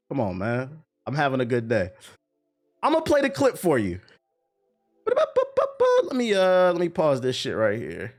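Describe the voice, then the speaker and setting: A young man giving profane, emphatic commentary as a streamer reacting to a critic. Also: high-pitched. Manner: animated, profane, emphatic ranting.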